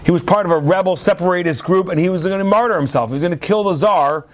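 High-voiced man giving a sermon. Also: fast talker. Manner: storytelling with acted quotes, animated delivery.

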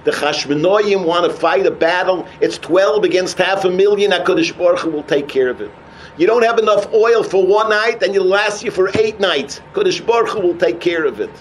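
A man with a giving a sermon as an animated storyteller who mixes in Hebrew and terms. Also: high-pitched, a little fast, a little hiss or hum, low-quality recording. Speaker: rabbi.

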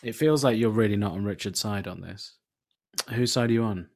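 Co-host, dry teasing reactions, casual banter. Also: medium pitch. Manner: wry, teasing listener with quick reactions. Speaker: podcast co-host. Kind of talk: casual chat.

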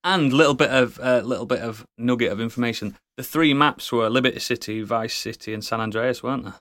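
Bright-voiced, chatty man. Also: mid-range voice, brisk. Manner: chatty, laughs often. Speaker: podcast co-host. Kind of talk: casual chat.

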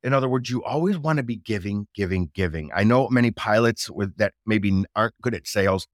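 Energetic low-voiced man, dry sound. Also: a little fast, dry recording. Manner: energetic, repeats words for emphasis. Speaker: guest, drone business owner. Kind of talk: casual podcast interview.

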